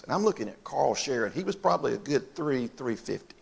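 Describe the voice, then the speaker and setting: Gravelly older pastor preaching. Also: male voice, medium pitch, very animated, fairly quick, hardly any pauses. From North Carolina, US. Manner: folksy storytelling, talks straight to the congregation. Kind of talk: sermon.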